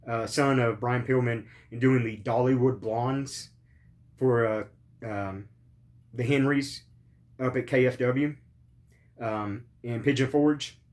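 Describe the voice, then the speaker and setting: Rambling, sore man host in pain. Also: medium pitch. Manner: rambling, profane, many ums and uhs. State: in pain after surgery. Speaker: podcast host. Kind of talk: casual podcast review.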